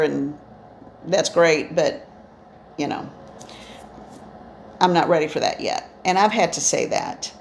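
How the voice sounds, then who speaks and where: A deep-voiced woman, a spiritual medium, shares her experiences as instructional stories, meandering and reflective and full of restarts. She talks indoors, frequently with her eyes closed, over slight background noise.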